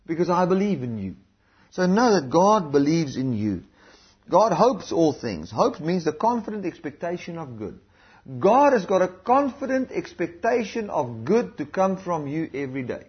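A man's voice: a little high, big pitch swings, normal speed, husky, dull audio. A man preaching a sermon in an earnest, repetitive way, calling out hallelujahs.

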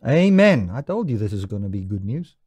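A man's voice: fairly low pitch, big pitch swings, a little fast, a little mellow, husky. A man preaching a sermon, quoting scripture with emphatic rises and falls. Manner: emphatic, rising and falling with scripture quotes.

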